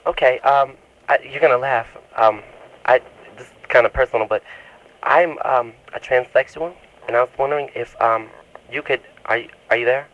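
A man making a prank phone call, hesitant and stammering at first, then whiny and shrill. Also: moderate pace. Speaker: prank caller.

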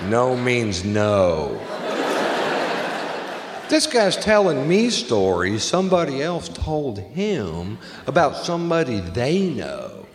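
A man doing a stand-up comedy set on stage, telling crude stories brashly and getting loud on the punchlines. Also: on the high side, huge pitch swings, measured pace, few pauses. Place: stage in a large venue with a live audience. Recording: echoey hall with audience noise.

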